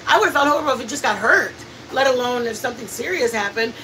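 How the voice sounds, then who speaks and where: A woman hosts a cooking stream, chatting to her viewers and laughing her way through family stories. Her voice sits a little high. She sounds set back from the mic, with a faint noise floor behind her. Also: fast, distant mic, poor audio. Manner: chatty, laughing, animated storyteller. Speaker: cooking channel host. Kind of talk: casual storytelling while cooking on a live stream.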